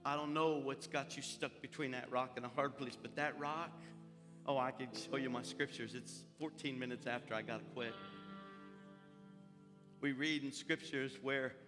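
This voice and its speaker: A man delivers a sermon with homespun, fervent warmth of conviction, speaking at an ordinary middle pitch. His words ring out in a sanctuary with a long trailing reverb. Music plays clearly underneath the whole time. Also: steady tone, normal speed. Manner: fervent, folksy preaching. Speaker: pastor. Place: church sanctuary.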